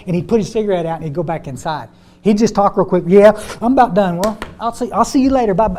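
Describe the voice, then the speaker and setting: A man's voice: fairly high pitch, warm tone. An older man speaking to a recovery group, folksy and repeating words as he tells his story. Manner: folksy, repeats words, addresses audience as y'all. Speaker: AA step study speaker.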